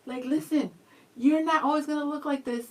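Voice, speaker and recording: A woman's voice: high voice, normal speed. A woman in her thirties co-hosting a radio show, telling stories with lots of laughter in casual banter. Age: 30s. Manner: animated storyteller, laughs often. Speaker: radio co-host.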